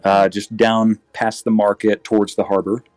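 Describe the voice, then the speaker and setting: A man narrating as game master in a tabletop game, relaxed, with frequent fillers and self-corrections. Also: lowish voice, moderate pace, dry recording, faint music behind.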